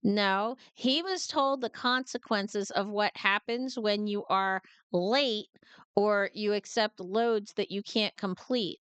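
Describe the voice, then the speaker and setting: A woman with a New Jersey accent talks through a reaction video as a working truck driver. Her voice comes across very clear and smooth, recorded dry and close with no room sound. She tells her stories in an animated, fired-up way, breaking into laughs. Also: medium pitch, slow, dry recording. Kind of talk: casual reaction commentary.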